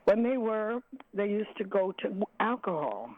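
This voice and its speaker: An older woman, a jazz singer, reminiscing in an interview, halting and searching for words with many restarts. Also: medium pitch, very animated. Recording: tinny phone line.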